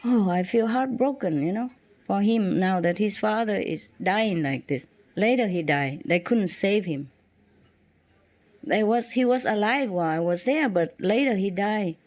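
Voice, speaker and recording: Woman, halting. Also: mid-range voice, a little mellow. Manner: halting, frequent restarts and fillers. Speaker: spiritual teacher. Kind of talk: personal storytelling to students.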